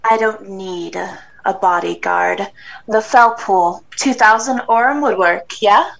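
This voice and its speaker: A woman with a gravelly, creaky voice plays her character in a tabletop game. She speaks in a calm, businesslike way. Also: medium pitch, slow, poor audio. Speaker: player.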